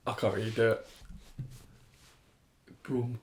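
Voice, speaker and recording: A man's voice: medium pitch, fairly even intonation, moderate pace. Young man trading joke impressions. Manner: joking, trying out footballer impressions. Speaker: podcast co-host. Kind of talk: casual chat.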